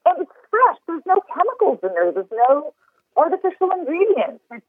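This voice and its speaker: A woman's voice: extremely high pitch, big pitch swings, moderate pace, no echo. A woman chef giving cooking advice in a casual podcast interview, enthusiastic and talking in long run-on explanations. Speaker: chef and recipe developer. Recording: tinny phone line, dry.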